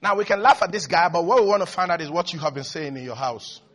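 A man preaching a sermon, swinging between quiet asides and high, excited shouts. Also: quick pace.

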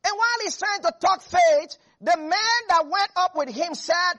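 A preacher delivering a lively sermon that swings between hushed asides and shouts. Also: very high voice, measured pace, hardly any pauses.

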